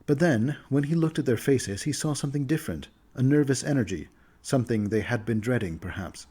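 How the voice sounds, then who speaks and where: A man narrating a fantasy tabletop campaign recap as a story, in a steady storytelling manner. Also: mid-range voice, brisk, husky. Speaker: game master recapping the campaign.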